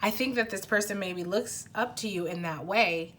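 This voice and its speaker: A woman's voice: medium pitch, normal speed, fairly bright tone. A young adult woman giving a casual pick-a-card tarot reading, talking to the viewer in a rambling way full of restarts and fillers. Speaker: tarot reader.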